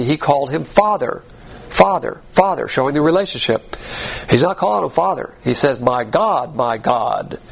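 A man preaching an expository Bible lesson, spelling out Greek words letter by letter in a measured teaching delivery. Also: medium pitch, gravelly, slightly rough, poor audio. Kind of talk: expository sermon.

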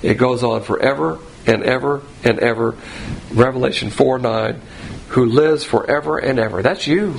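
A man giving an expository Bible sermon in a plain, conversational teaching tone, rising sharply in pitch to stress key points. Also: normal speed, creaky, slight background noise, rough recording.

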